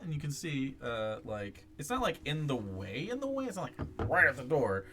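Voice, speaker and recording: A man's voice: medium pitch, sing-song, normal speed, sharp tone. A man narrating as game master, rambling with many fillers while he describes the scene.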